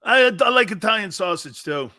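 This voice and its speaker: Middle-aged male sports talk host, brash and bright, ranting casually. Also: high-pitched, moderate pace. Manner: loud, animated, bantering rants.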